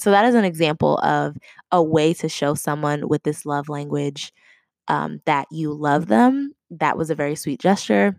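A woman's voice: low voice, moderate pace, creaky, no echo. A young woman hosting a podcast, talking chattily in a casual, conversational way and laughing often. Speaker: podcast host. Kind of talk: casual solo podcast talk.

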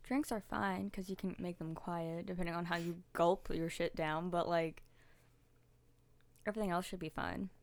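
A woman's voice: on the low side, steady tone, normal speed, darkish tone, dry recording. A young woman co-hosting a podcast in casual chat, chatty and self-deprecating. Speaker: podcast co-host.

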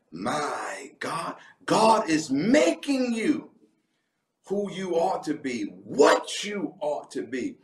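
A pastor preaches a livestreamed sermon with fervent delivery, breaking into sudden whooping exclamations. His mid-range voice is very animated but slow-paced. The distant mic picks up an echoey room.

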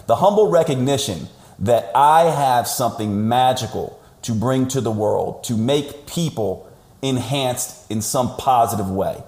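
A man speaking as a podcast guest over a call, telling a story in an animated, emphatic way. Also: medium pitch, measured pace. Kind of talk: conversational storytelling. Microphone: remote call audio. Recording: roomy, echoey sound.

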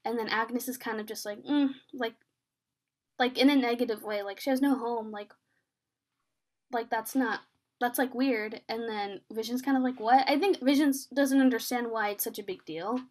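A woman's voice: on the high side, moderate pace. A young woman in a casual chat, eagerly retelling a TV episode, speaking in many fillers and acting out the characters' lines. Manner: excited, filler-heavy retelling, acts out the scenes in quoted voices. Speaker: podcast co-host recapping a TV episode.

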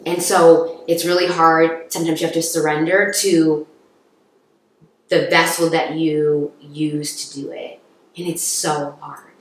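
An earnest young woman talks in a slightly low voice, encouraging and thoughtful. She sounds like a guest on a podcast. The room around her rings with heavy echo. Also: little pitch movement, unhurried, a little hiss or hum. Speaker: guest, actress. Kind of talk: reflective podcast conversation. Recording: echoey room.

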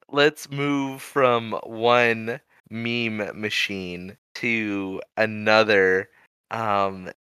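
Slow, clear-voiced laughing male co-host. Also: on the low side, bright, forceful tone, no room sound. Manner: amused, stammering restarts, laughs often. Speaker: podcast co-host. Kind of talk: casual comedic chat.

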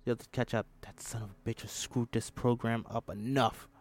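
A man's voice: mid-range voice, fairly even intonation, normal speed, close to an everyday voice. A man voicing a brusque, driven woman lead scientist in an impatient, lecturing way, in an amateur script reading. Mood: frustrated.

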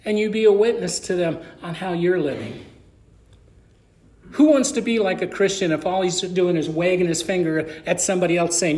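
A middle-aged man preaching a sermon as pastor, telling a story and acting out the dialogue. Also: high-pitched. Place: church sanctuary. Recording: echoey church room.

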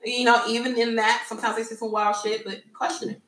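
A woman co-hosting a podcast, talking frankly and swearing freely in a relaxed chat. She sits a little back from the mic in an echoey room. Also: a little high, fast talker, distant mic. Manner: frank, profane, laughs often. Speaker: podcast co-host.

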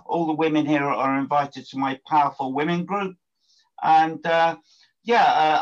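A man's voice: on the high side, fairly bright tone. An older man giving an upbeat self-introduction in punchy short statements on a video call. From England. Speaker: networking group organizer. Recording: dull lo-fi video call audio.

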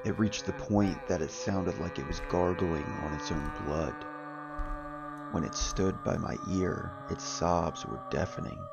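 Male horror narrator: low and gravelly, dramatic delivery over background music. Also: measured pace, dull audio.

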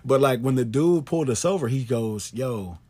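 A man's voice: mid-range voice, animated, normal speed, dark tone, husky. A man co-hosting a podcast in a casual, slangy chat, often checking in with "you know what I'm saying.". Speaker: podcast co-host.

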